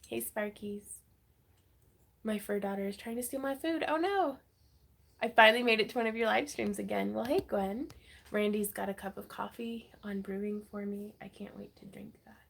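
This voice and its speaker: A woman's voice: mid-range voice, normal speed, gravelly. A woman hosting a casual crafting livestream, chatty and greeting viewers by name, laughing often. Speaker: livestream host.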